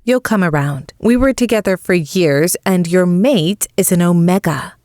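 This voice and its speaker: A woman's voice: fairly low pitch, normal speed, darkish tone, no room sound, studio quality, natural voice. A woman voicing a scheming young woman rival whose voice is sickly sweet and taunting.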